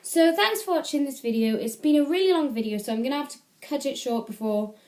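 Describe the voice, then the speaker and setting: A woman's voice: high-pitched, expressive, quick pace, a little mellow. A teenage girl from the UK chatting casually into an iPad camera at home, rambling and correcting herself as she gives advice. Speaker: vlogger.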